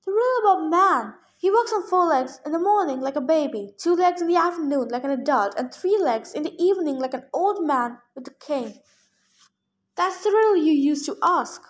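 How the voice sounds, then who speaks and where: A woman's voice: high voice, animated, normal speed. A woman reading aloud and voicing a proud, clever teenage girl who insists and protests. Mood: protesting. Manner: insistent, defiant.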